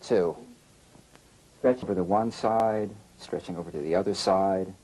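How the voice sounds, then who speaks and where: A man coaching a student through a relaxation and breathing exercise, giving calm, slow instructions with gentle prompts. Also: low-pitched, husky.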